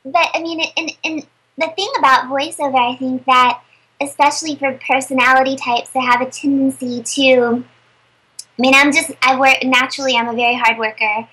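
A young adult woman, a voice actor guest, chatting in an interview as an animated storyteller with lots of fillers. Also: high voice, moderate pace, slightly rough, low-quality recording. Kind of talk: casual interview chat.

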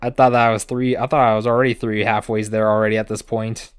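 A sarcastic man recapping episodes on a podcast, swearing offhandedly and slipping into brief character voices. His voice is lowish and smooth, and the recording is close and dry with no room sound. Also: level tone, no room sound. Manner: sarcastic, swears casually, acts out characters in quick asides. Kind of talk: casual comedic recap chat.

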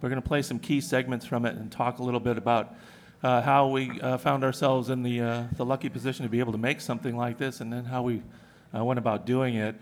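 A man's voice: mid-range voice, level tone, fast, few pauses. A man speaking on a live convention panel, a little out of breath, talking with many hesitant fillers.

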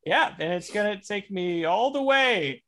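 A man's voice: high-pitched, animated, measured pace, a bit bright. A man interviewing a character in an improvised comedy scene, rambling playfully with frequent chuckles.

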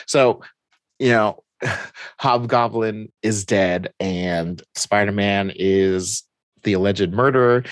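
Guy with a deep voice telling a comic story, does the characters' voices, dry close sound. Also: no room sound. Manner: animated storyteller, acts out characters' lines. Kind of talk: casual chat recapping a comic story.

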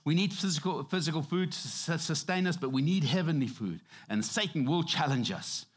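Guy preaching, slightly high voice, emphatic and chatty, lots of repeats. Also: expressive, brisk. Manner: conversational, emphatic preaching with repetitions and restarts. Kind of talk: sermon.

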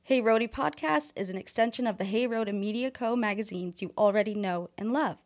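A woman's voice: medium pitch, fairly quick. A woman co-hosting a podcast, reading an intro in a polished voice and chatting casually and agreeably. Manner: polished read-out intro, then relaxed and agreeable. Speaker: podcast co-host. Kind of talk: casual chat.

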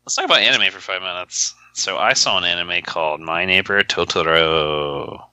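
A man's voice: deep voice, moderate pace, bright, forceful tone, clean tone, no room sound. A man co-hosting a podcast, chatting casually in a rambling, playful way. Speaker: podcast co-host. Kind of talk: casual chat.

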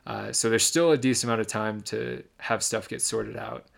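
A young man from Michigan tells a race story in a relaxed podcast chat, going through it in close, reflective detail. His voice sits low, with a gravelly, fry-tinged edge. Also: moderate pace. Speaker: podcast co-host.

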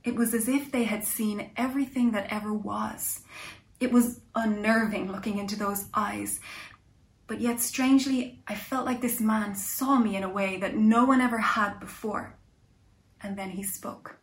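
A woman's voice: mid-range voice, fairly even intonation, unhurried. Woman narrating a reflective story. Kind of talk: first-person story narration. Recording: echoey room.

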